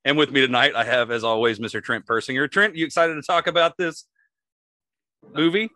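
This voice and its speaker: A man's voice: mid-range voice, a little fast, bright, forceful tone, no echo. A man hosting a podcast, upbeat and laughing often as he introduces his guests. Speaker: podcast host. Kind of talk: casual chat.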